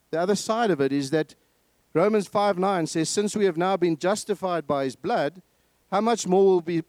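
Male preacher, higher voice, dry close sound, earnest sermon delivery with repeated phrases. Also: a little mellow, no echo. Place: church.

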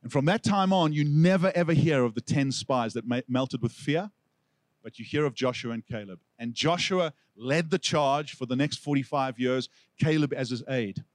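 A man with a South African accent preaching a sermon, telling stories with lively delivery and acting out the people he quotes. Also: fairly high pitch, no room sound. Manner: animated storytelling, acts out quoted figures. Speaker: pastor.

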